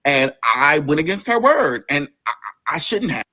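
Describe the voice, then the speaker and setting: A man's voice: very animated, normal speed, bright, forceful tone. Emotional man telling a painful story. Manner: intense, swearing, rising pitch in tense moments. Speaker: guest.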